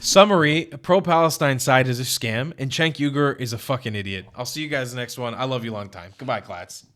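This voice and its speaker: A man's voice: medium pitch, brisk, fairly bright tone. A man hosting a reaction video, talking emphatically and with exasperation, swearing. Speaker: reaction channel host. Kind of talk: reaction commentary.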